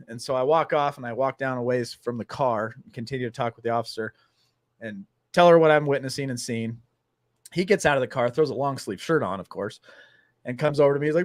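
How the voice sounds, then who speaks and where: A man hosting a casual talk show, telling a story with lively acted-out dialogue. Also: medium pitch, brisk, no room sound, clean studio sound. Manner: animated storyteller acting out dialogue. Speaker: host.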